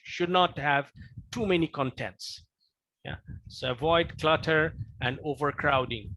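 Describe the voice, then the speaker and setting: A male professor lecturing in a dry, close recording, his voice sitting a little high for a man. He talks earnestly, repeats his key points and pauses on fillers and restarts. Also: fairly bright tone, dry recording, poor audio. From Bangladesh. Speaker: professor giving a training lecture.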